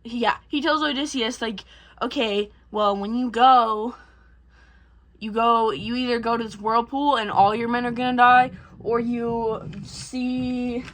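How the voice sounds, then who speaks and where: A woman's voice: a little high, fairly even intonation, a bit bright. Rambling young woman recapping a movie. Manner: rambling and profane, acts out characters in quick bursts. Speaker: vlogger.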